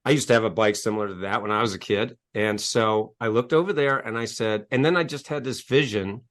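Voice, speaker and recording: A man's voice: lowish voice, a little fast, a bit bright. A man, a guest telling a personal story in a conversational interview, earnest and emphatic, often repeating his words. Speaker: guest, coach and author.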